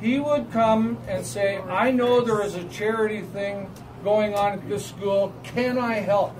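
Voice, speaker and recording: A man with a Canadian accent telling lively, laughing anecdotes at a memorial gathering about a fellow referee. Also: high voice, measured pace. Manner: animated storytelling, acts out quoted voices with laughter. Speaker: referee assigner giving a memorial tribute. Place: gathering hall with audience. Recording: distant mic, noisy crowd.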